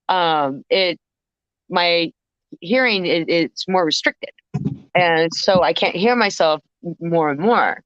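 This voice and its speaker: A woman's voice: lowish voice, a bit bright, clear, resonant tone, dry recording. A woman, a guest vocalist, chatting on a podcast and telling stories in a rambling, self-interrupting way. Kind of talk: casual podcast conversation. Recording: slightly muffled dry recording.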